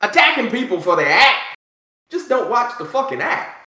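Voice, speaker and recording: Animated, high-pitched ranting man. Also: moderate pace. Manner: profane, animated ranting with mocking asides. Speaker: podcast co-host. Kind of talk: casual chat. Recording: echoey room.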